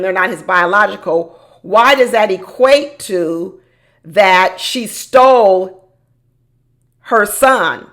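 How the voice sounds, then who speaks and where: A woman's voice: medium pitch, a bit bright. A woman hosting a casual reality TV recap, chatty and opinionated, talking straight to her viewers.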